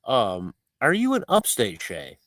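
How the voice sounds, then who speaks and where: A man's voice: medium pitch, wildly swooping pitch, measured pace, a bit bright, no room sound. A man hosting a casual livestream, chatting in a rambling, playful, mock-fussy way as he reads viewer comments. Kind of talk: casual live-stream chat. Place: home, outdoors at night.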